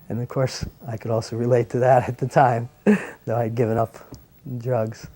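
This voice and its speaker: A man softly and earnestly recalling a personal memory in an unhurried way. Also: medium pitch, steady tone, no echo. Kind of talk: reflective recollection.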